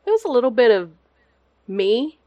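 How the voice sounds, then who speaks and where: A woman from Texas, a guest on a podcast over a video call, chatting casually with lots of fillers and quick laughs. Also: a little high, sing-song, no room sound, highs cut off. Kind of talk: casual chat.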